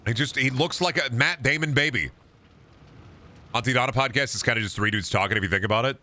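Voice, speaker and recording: A man's voice: medium pitch, fast, sharp tone. A man streaming a video game, chatting casually with a profane, ranting manner and riffing with his chat.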